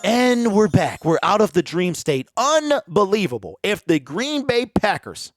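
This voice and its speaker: High-voiced guy ranting about football on his home mic, super lively ups and downs, preachy and slangy. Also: a little slow, dry recording, faint music behind. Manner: animated, preachy, talks straight to viewers with slang. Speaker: sports commentary host. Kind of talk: opinionated solo sports commentary. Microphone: home desk mic that pops.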